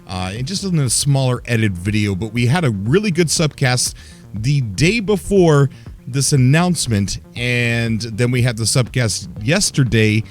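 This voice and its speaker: A man's voice: medium pitch, expressive, a little slow, faint music behind. A young man hosting his own gaming channel, talking casually and cheerfully to viewers with a grin in his voice and frequent fillers. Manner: upbeat, smiling, rambling with fillers. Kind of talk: casual solo video commentary.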